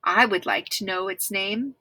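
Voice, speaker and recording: A woman's voice: mid-range voice, measured pace, no echo, studio quality. A woman reading aloud, voicing an earnest young girl who speaks in a small, hesitant way. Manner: small, hesitant, sometimes hushed.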